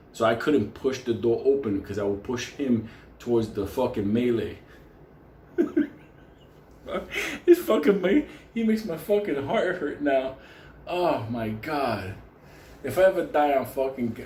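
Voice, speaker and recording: A man's voice: mid-range voice, dark tone. Male storyteller, foul-mouthed and giggly, roomy echo with faint background hum. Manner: swearing constantly, laughing through the story. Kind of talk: casual profane anecdote. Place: indoor room on camera.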